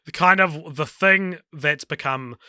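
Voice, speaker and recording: Bright-voiced man in his thirties, podcast chat. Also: a little high, a little slow, clear, resonant tone, no room sound. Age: 30s. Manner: animated, swearing, with many fillers and restarts. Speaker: podcast co-host. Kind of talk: casual film-discussion podcast chat. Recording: dry close-mic podcast sound.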